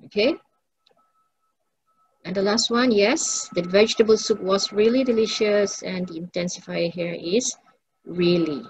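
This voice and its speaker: A woman's voice: medium pitch, a little slow, pauses often, a little mellow, a little hiss or hum, low-quality recording. A woman English teacher, giving a recorded lesson and patiently repeating each example sentence.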